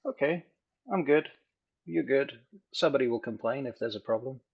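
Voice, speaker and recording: A man running a tabletop role-playing game as game master, casual and joking, slowing down to set scenes. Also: mid-range voice, creaky, husky, muffled recording. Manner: casual, joking, with slow vivid scene-setting.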